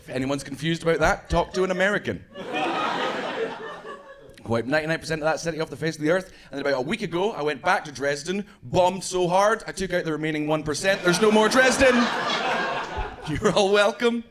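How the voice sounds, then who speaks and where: A Scottish man performing brash stand-up comedy, swearing freely and quickly acting out the people in his stories. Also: a little high, very noisy. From Scotland. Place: comedy club stage before a live audience. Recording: live club audio with crowd laughter.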